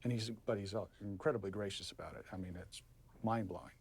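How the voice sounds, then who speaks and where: A man's voice: fairly low pitch, fast, husky. A man speaking casually in an interview, rambling a little.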